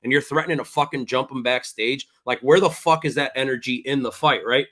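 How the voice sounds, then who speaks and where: A man's voice: mid-range voice, fairly quick, a crowd in the background. A man hosting a fight recap podcast, recounting the action at length in blunt, profane casual chat. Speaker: podcast host.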